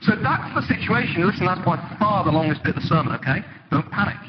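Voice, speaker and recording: Lively preaching man, dull noisy church recording. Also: high-pitched, quick pace. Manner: conversational, animated storytelling with sudden dramatic emphasis. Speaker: pastor. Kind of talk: sermon. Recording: dull, lo-fi with loud background noise.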